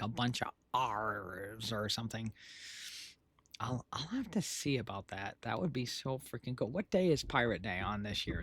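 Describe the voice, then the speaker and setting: A woman co-hosting a stream in casual chat, rambling and laughing often. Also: rumbling low. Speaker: streamer co-host.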